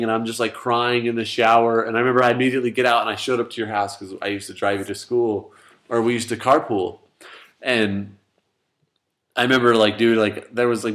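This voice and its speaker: A man's voice: medium pitch, a bit bright. A young man in casual chat with buddies, rambling through a story in a mid-range voice. He swears freely and laughs often. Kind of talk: casual chat among friends.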